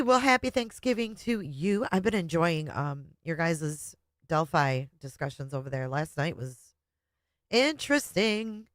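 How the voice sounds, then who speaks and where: Blunt, low-voiced woman streamer. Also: dry recording, studio quality. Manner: blunt and profane, chatty. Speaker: live stream host. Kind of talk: casual live stream chat, reading comments.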